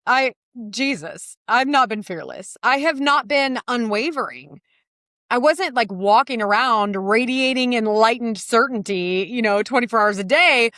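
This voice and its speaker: A middle-aged woman talks straight into a close mic in a dry, dead room, hosting her own podcast. Her slightly high voice swings widely in pitch as she tells on herself with blunt honesty, swearing freely and breaking into laughter. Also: expressive, unhurried, sharp tone, dry recording. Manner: candid, swearing, laughing often. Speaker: podcast host. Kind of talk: casual confessional monologue.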